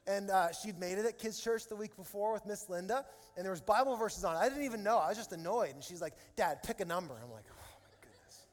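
A middle-aged man preaching a sermon as pastor, telling stories with animated energy that rises to loud emotional peaks. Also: sits high, fast, hardly any pauses. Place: large church hall with live audience. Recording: reverberant hall with soft music behind.

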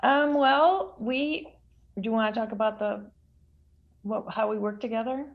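A woman guest telling a story in a chatty, relaxed way during a podcast interview over a video call. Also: on the high side, a little slow, muffled recording. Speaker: guest, author's wife.

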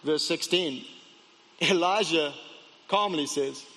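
A man's voice: high-pitched, animated, moderate pace, sharp tone, long reverb tail. A man preaching a sermon, retelling a story with dramatic asides and stammered restarts. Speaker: pastor.

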